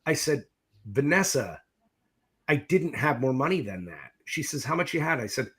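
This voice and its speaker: Middle-aged man, film director, lively swooping voice, bright tone, profane storyteller, plays both sides of a conversation. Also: mid-range voice, moderate pace, breathy edge. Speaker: film director, interview guest. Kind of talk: animated storytelling in a casual interview.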